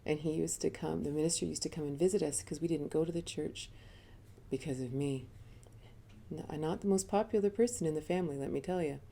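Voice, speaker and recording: A woman's voice: sits low, fairly quick, vocal fry, warm tone. A middle-aged woman giving a live talk as a spiritual teacher, telling personal stories candidly and chattily, often laughing.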